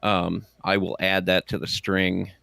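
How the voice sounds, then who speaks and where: A gravelly, low-pitched man from the United States hosts a casual livestream chat. He rambles and halts with many fillers, and his voice is clear and resonant. The recording is dry and close. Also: completely flat delivery, measured pace, pushed and bright, dry recording. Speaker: podcast host.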